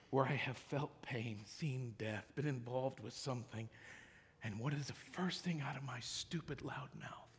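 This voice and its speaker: A man preaching a sermon as pastor, swinging between loud cries and hushed whispers in short repeated phrases. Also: medium pitch, breathy edge. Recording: long hall reverb.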